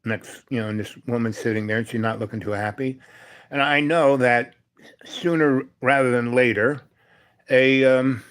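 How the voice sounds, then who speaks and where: A man hosting a live stream, telling a meandering personal story full of fillers and asides, sometimes dropping to a soft, hushed voice. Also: mid-range voice, fairly even intonation, normal speed, clean tone. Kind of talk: rambling storytelling monologue.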